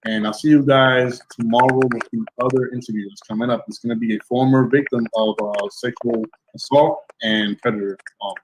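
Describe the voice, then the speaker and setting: A man's voice: mid-range voice, fairly even intonation, a little fast, few pauses, noisy background. A man hosting a livestream interview, thanking and blessing his viewers effusively. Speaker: host. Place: home setup in Florida.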